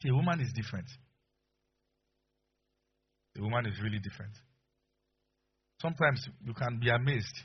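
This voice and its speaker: A man preaching a sermon as pastor, telling stories with animated delivery and frequent laughter, on a dull lo-fi recording. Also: medium pitch, quick pace, breathy edge. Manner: animated storyteller, acts out voices, laughs often.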